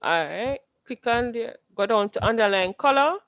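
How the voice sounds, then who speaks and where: A woman teaching a computer class in a patient, step-by-step way, repeating each instruction and quizzing her students. Her voice is a little high, and the recording sounds dull and dry. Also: expressive, moderate pace, a bit bright, dry recording.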